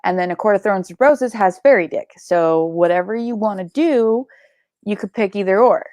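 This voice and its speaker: A woman's voice: medium pitch, normal speed, darkish tone, no room sound, studio quality. A young woman hosting a live book club stream, chatting casually and rambling, sleepy and yawning, with offhand swearing.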